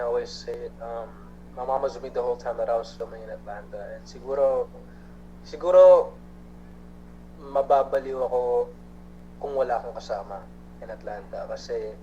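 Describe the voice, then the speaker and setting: A man's voice: mid-range voice, noisy background. Earnest young Filipino man, lo-fi. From Philippines. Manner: mixes English and Tagalog, earnest, hesitant fillers. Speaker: guest actor. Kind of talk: casual interview chat.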